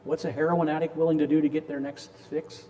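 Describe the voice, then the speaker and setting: This older man, in his sixties, talks fast with a fairly high pitch, a flat delivery and a dark tone, over slight background noise and a long reverb tail. Leading a parish addiction class in the parish hall, he mixes storytelling into a casual, folksy lecture and trades jokes with listeners.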